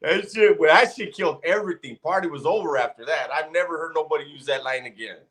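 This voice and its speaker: A man's voice: a little high, fast, fairly bright tone. A man telling a prison story in casual, profane chat, building up to the punchline. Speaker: podcast co-host.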